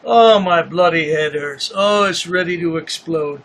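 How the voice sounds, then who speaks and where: A man's voice: on the high side, unhurried, few pauses, fairly bright tone. A man hosting a commentary channel, exasperated and sarcastic as he mocks the clips he plays. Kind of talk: mocking commentary.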